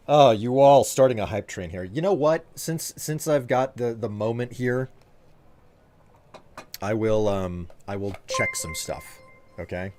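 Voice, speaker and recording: A man's voice: medium pitch, animated, slow pace, pauses often, a little mellow, a little hiss or hum. A man streaming live, chatting casually and teasing his viewers while thanking them by name.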